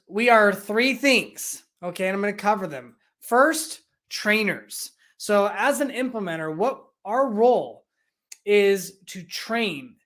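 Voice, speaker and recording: A business coach giving an energetic, enthusiastic explanatory talk, full of rhetorical questions. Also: medium pitch. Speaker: business coach and EOS implementer.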